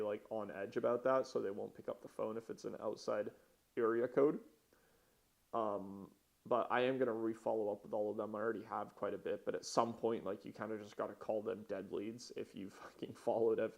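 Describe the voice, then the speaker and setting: A man's voice: on the low side, gravelly, a little mellow. Casual, profane young man vlogging. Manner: casual, profane, rambling with restarts. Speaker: vlogger, entrepreneur. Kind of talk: casual vlog narration.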